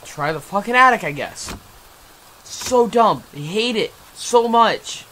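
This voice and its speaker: A woman's voice: medium pitch, animated, takes it slowly, a bit bright, slight background noise, low-quality recording. A young adult woman giving let's play commentary, frustrated and exclaiming often. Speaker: gaming video host.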